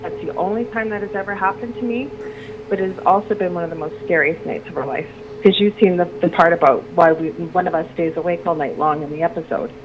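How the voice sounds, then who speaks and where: On lo-fi audio with audible background noise, a middle-aged woman guesting on a radio show recounts something personal at a quick pace. Her voice sits lowish, and she rambles, restarts sentences, and turns animated when quoting people.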